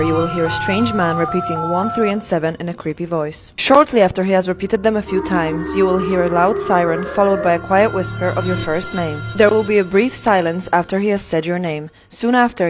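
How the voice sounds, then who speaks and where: A woman reading short creepy scripts as scripted narration, in an ominous tone that challenges the listener. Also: lowish voice.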